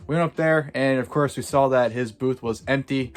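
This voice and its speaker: A man's voice: mid-range voice, normal speed. A man vlogging, telling a story casually in a rambling way full of "like" and "uh".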